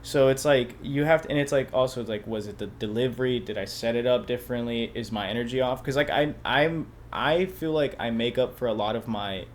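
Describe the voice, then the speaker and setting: A man's voice: mid-range voice, fairly quick, hardly any pauses, a little hiss or hum. A man talking in a casual podcast chat as a stand-up comedian guest, loose and rambling with lots of filler and swearing. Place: podcast studio.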